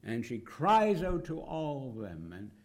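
A man preaching a sermon, slow and dramatic, rising to loud cries and dropping to hushed whispers. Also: mid-range voice, wildly swooping pitch.

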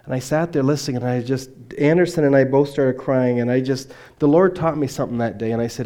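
An earnest male missionary preacher delivering a sermon at a mid-range pitch. He tells personal stories with conviction, pushing some lines out loudly and letting others fall almost to a murmur. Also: fast, few pauses. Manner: swings between loud emphatic lines and quiet dropped endings. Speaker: missionary speaker.

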